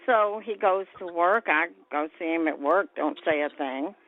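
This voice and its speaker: A woman's voice: on the low side, moderate pace. Older woman telling a story over a tinny line. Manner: lively storyteller who acts out quoted voices. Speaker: guest. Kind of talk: storytelling interview. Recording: tinny phone-like sound.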